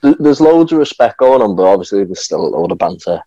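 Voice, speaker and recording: Deep-voiced lad. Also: male voice, big pitch swings, quick pace, warm tone, no room sound, muffled recording. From England. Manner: chatty, rambling, many fillers and restarts. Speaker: guest, professional wrestler. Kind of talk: casual podcast chat.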